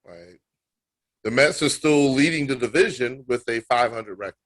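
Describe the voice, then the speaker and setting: A man's voice: medium pitch, moderate pace, fairly bright tone. A man co-hosting a sports podcast, ranting emphatically and with disbelief. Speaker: podcast co-host. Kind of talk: casual sports banter.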